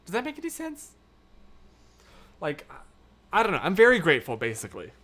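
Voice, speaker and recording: A young American man hosts a casual live stream in a rambling, filler-heavy way, laughing often as he answers viewer comments. His voice sits a little high for a man. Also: wildly swooping pitch, fairly quick, sharp tone. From United States. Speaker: livestream host.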